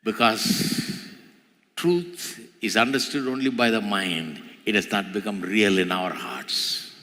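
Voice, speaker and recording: A man preaching a sermon as pastor, his voice climbing in pitch and volume as he repeats phrases for emphasis. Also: lively intonation, takes it slowly, sharp tone. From India. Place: large church hall. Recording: church hall with long reverb.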